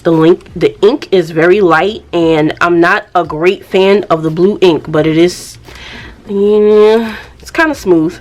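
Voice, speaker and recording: Woman, lowish voice, casual unboxing vlogger, friendly chat to camera. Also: slow. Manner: chatty, addresses viewers as y'all.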